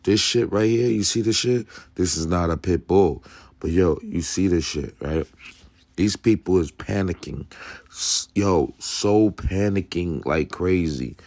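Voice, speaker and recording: Gruff, profane man ranting about dogs. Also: low voice, slow, a little mellow, no echo. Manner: blunt, profane, street slang. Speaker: dog channel host. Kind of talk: casual commentary reacting to a video.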